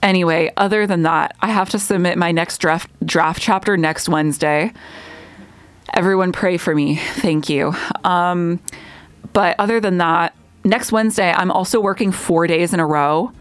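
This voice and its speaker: A woman's voice: fairly low pitch, normal speed, no room sound. A young woman hosting a radio show, ranting in a casual, emphatic and sarcastic way, often repeating herself for effect and breaking into laughs.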